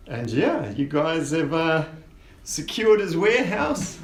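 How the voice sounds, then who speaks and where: A man narrating a tabletop game as dungeon master, unhurried and descriptive, with frequent fillers. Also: fairly high pitch. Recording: roomy echo with faint noise.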